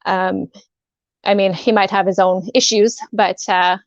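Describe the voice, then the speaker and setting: A woman guest on a talk show telling a painful personal story, halting and emotional, with many restarts. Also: mid-range voice, steady tone, no room sound. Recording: dull dry sound.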